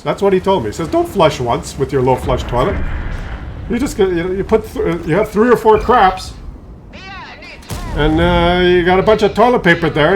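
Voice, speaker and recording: Exasperated man rambling through a story. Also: slight background noise. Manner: rambling, exasperated, acts out quotes with pitch jumps. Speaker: video host telling a story. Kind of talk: casual storytelling to camera. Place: at home.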